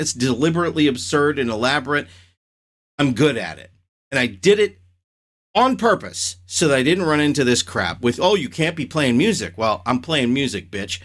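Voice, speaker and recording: A man hosting his own show, chatting casually and reacting with strong opinions and rants. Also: mid-range voice. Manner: animated, opinionated, ranting. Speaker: host.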